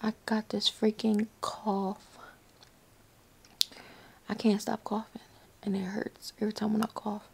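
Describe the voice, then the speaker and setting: A woman's voice: medium pitch, little pitch movement, measured pace, creaky, long pauses, darkish tone, slightly rough. A young woman in pain after surgery, whispering a late-night vlog into her phone in her living room, weary, sighing and out of breath. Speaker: vlogger.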